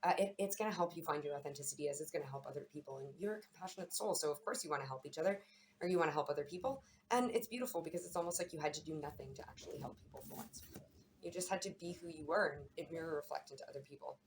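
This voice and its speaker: A woman's voice: low voice, rapid-fire, slight background noise. A woman giving a casual, chatty tarot and astrology reading, often repeating words for emphasis.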